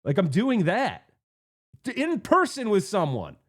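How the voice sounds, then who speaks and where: A man telling a rambling, excitable story about a pinball tournament, restarting often and working himself up. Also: high voice, unhurried. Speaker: pinball vlogger. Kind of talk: casual storytelling monologue.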